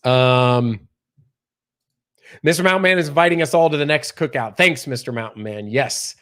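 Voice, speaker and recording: A man's voice: mid-range voice, moderate pace, a bit bright. A man hosting a casual livestream, chatting with viewers and reading out the news with lots of fillers. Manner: chatty, reads viewer comments aloud, many fillers. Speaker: livestream host. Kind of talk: casual live-stream chat and news reading.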